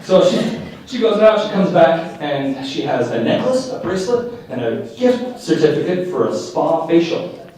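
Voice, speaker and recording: A man's voice: fairly high pitch, lively intonation, normal speed, darkish tone, recorded from a distance, slight background noise. Young man doing stand-up in an echoey room. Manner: wry self-mocking storytelling, acts out dialogue. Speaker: stand-up comedian. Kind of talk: live stand-up comedy. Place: live venue before an audience.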